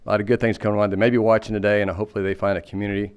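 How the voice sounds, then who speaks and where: Brisk, smooth-voiced man giving a report. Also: lowish voice, level tone, darkish tone, highs cut off. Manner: brisk, upbeat booster of the town. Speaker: city board member giving a report. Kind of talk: official update at a city meeting. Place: city council chamber.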